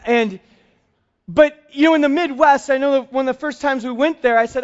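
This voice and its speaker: A man preaching a sermon as a pastor, telling family stories in an animated way and slowing down to stress key points. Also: very high-pitched, lo-fi sound. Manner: storytelling, animated, slows for emphasis.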